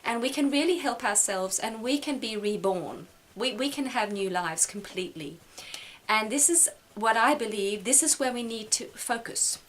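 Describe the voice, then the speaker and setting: Halting, tearful middle-aged woman. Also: a little high, a bit bright, slight background noise. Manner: halting, repeats words, emotional. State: close to tears. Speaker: vlogger. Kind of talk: personal reflective monologue.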